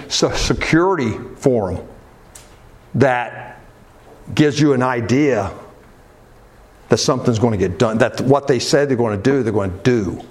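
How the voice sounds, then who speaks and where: Animated preacher, lively pitch. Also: male voice. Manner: animated, conversational preaching with asides to the congregation. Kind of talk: sermon.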